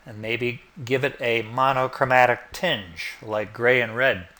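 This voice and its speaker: Bright-voiced man teaching design software. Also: mid-range voice, measured pace. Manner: relaxed, explanatory, thinking aloud with fillers. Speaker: instructor. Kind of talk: screen-recorded software tutorial.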